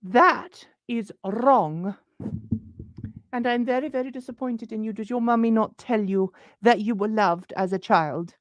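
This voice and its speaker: A woman's voice: fairly high pitch, a little slow, no room sound, studio quality, natural voice. A woman putting on a haughty, ancient queenly figure who scolds a scammer in a pompous, patronising way. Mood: scolding. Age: 179 as a joke figure; old. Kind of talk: comic in-character rant.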